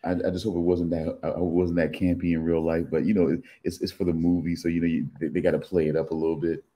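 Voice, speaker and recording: A man's voice: low-pitched, level tone, fast talker, dark tone. A man co-hosting a podcast in casual chat, sarcastic and prone to repeating himself. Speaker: podcast co-host.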